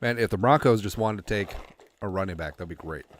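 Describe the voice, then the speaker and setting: A man hosting a casual sports livestream, rambling as he reads out viewer shout-outs, a little congested. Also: on the low side, fairly quick, slight background noise. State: congested, coughing. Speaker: podcast host.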